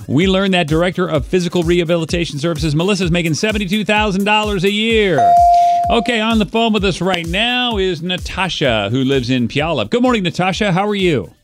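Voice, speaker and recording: Man, radio morning show host, high voice, fast upbeat banter, studio mic, faint music bed. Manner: energetic, fast, joking. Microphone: studio microphone.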